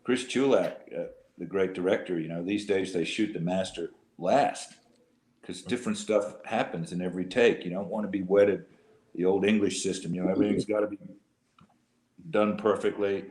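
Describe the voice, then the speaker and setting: Actor guest, man, very low voice, roomy echo, loose chatty delivery with restarts. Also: steady tone, moderate pace, darkish tone. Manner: laughing, self-deprecating, thinks aloud with restarts. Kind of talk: casual video interview.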